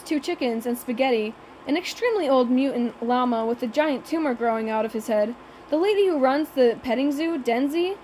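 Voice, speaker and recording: Wry, high-voiced woman audiobook narrator. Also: dark tone, a little hiss or hum, rough recording. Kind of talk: first-person audiobook narration.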